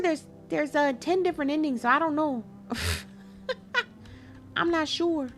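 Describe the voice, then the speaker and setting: A woman giving casual gameplay commentary, animated and chatting straight to her viewers with quick exclamations. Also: high voice, faint music behind. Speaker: gaming video creator.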